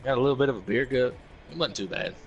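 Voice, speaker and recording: A man's voice: mid-range voice, fast talker, muffled recording, a little hiss or hum. A young man telling a profane, laughing story to friends in a casual chat. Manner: profane, laughing, animated retelling with quoted voices.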